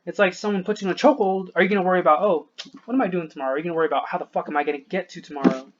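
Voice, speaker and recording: A man with a fairly high voice rants into a dull, lo-fi recording. He sounds short of breath and worn down, rambling, breaking off mid-thought and cursing often. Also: very fast, noisy background. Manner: frustrated, rambling, swears a lot, trails off. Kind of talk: venting to camera.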